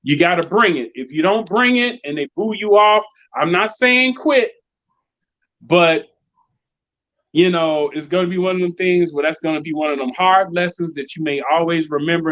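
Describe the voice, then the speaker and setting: Animated man telling stories in dry lo-fi audio. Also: a little high, moderate pace, no room sound. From Chicago, United States. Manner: animated, acts out quoted voices. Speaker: DJ and producer, interview guest. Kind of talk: casual storytelling interview. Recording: dry, dull lo-fi sound.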